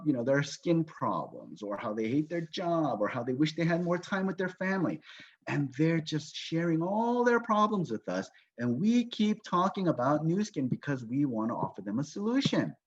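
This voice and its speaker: Man, motivational trainer, storytelling, video call, husky, muffled lo-fi audio. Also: fairly high pitch. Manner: storytelling with acted-out quotes. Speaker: business trainer. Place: home, Las Vegas.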